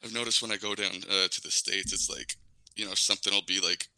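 Young guy rambling in a chat, deep but really bright punchy voice, dry sound. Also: steady tone, fast talker, dry recording, poor audio. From Canada, Ontario. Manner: rambling, many "like" and "um" fillers. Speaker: guest. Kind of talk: casual interview chat.

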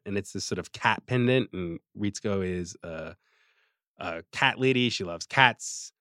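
A man co-hosting a podcast in casual chat, animated and laughing often, recapping episodes on a close mic. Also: fairly low pitch, no echo. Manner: animated, laughing, slips into quick character voices. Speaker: podcast co-host recapping an anime.

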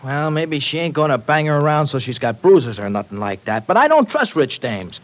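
A man's voice: on the high side, very animated, normal speed, rough recording. A slangy tough young guy. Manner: slangy tough-guy talk, dropped grammar. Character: tough streetwise young working-class man. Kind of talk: 1940s radio acting. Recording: old radio broadcast recording.

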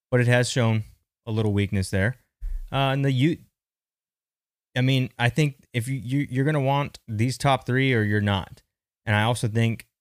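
Male podcast host, lowish voice, dry close mic, casual rambling commentary. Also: dry recording. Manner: chatty, thinking aloud with restarts.

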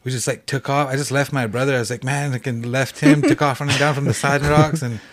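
A man's voice: medium pitch, fairly even intonation, quick pace. A young man from a reservation telling ghost stories as a podcast guest, rambling casually with many fillers and restarts. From Cheyenne reservation, United States. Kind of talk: casual storytelling.

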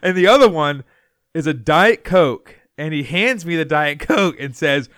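A man's voice: on the high side, lively intonation, a little slow, fairly bright tone, smooth, no room sound, clean studio sound. A man co-hosting a podcast, telling a long story in a loose, rambling way, often laughing and restarting his sentences. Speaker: podcast co-host. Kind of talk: casual storytelling chat.

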